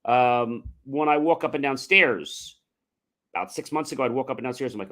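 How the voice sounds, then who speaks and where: A middle-aged man hosting a podcast, giving an earnest, conversational motivational talk with frequent fillers and loud emphatic rises. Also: mid-range voice, normal speed. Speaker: entrepreneur podcast host.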